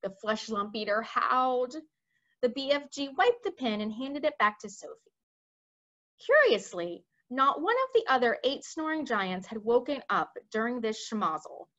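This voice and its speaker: A woman reading a children's book aloud for a library, telling the story in a lively way with asides to listeners. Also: on the high side, a little slow. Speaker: library read-aloud reader. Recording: dull lo-fi recording.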